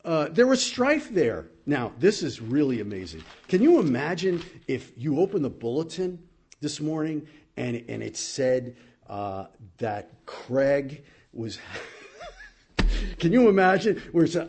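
Animated husky-voiced male preacher. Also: a little slow. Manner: animated, swings from loud exclamations to low asides. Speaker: pastor. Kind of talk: sermon.

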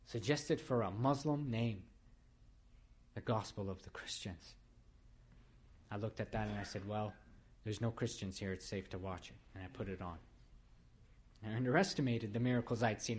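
A man's voice: lowish voice, normal speed, pauses often, slightly rough. A man from Iran preaching a sermon and telling his own conversion story, earnestly, with building, repeated declarations. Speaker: preacher giving his testimony. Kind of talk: sermon testimony.

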